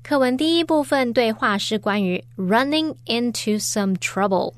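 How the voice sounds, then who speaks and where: A woman's voice: a little high, animated, normal speed, dry recording. A woman teacher explaining grammar points in an orderly, step-by-step way.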